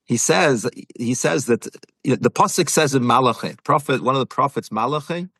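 Earnest man teaching Torah, husky voice. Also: mid-range voice, fairly quick, fairly bright tone, no room sound. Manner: earnest, repeats and rephrases, mixes Hebrew terms. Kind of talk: explaining a Jewish text to a listener.

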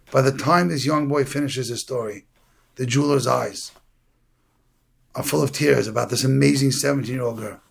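A man giving a sermon, telling a story and acting out the characters with a gravelly, husky voice. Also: mid-range voice, moderate pace. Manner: animated storytelling, acts out the characters. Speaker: preacher.

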